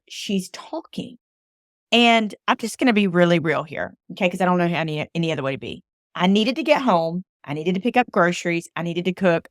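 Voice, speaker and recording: A woman's voice: fairly low pitch, no room sound, clean studio sound. Emphatic woman telling a story. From Alabama, USA. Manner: emphatic, repeats phrases for emphasis. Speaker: motivational speaker. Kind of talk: personal storytelling monologue.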